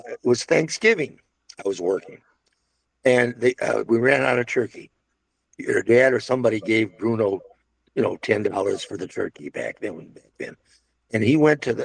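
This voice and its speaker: An older man with a gravelly, medium-pitched voice looks back casually on his restaurant days in an interview, captured in a dry recording. He rambles as he tells his stories, restarting often and wandering into asides.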